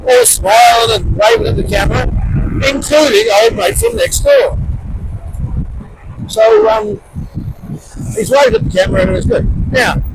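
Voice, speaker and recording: An Australian man spins a casual, rambling yarn for his vlog, his high, gravelly voice leaping all over the place and often going loud. Clear street and traffic noise sits behind him outdoors. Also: very animated, measured pace, pauses often. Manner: chatty, rambling anecdote with loud emphatic bursts. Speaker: vlogger. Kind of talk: casual storytelling to camera.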